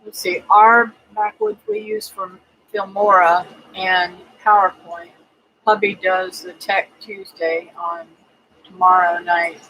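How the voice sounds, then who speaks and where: A woman's voice: lowish voice, lively intonation, slow, sharp tone, a little hiss or hum, low-quality recording. A woman hosting a casual homestead livestream, chatting and greeting viewers by name with lots of ums and uhs. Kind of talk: casual livestream chat reading viewer comments.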